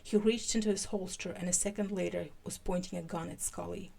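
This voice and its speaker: Reading fan fiction live on her podcast, a woman speaks at a fairly low pitch with a gravelly texture. She is animated throughout the story but halting in her asides.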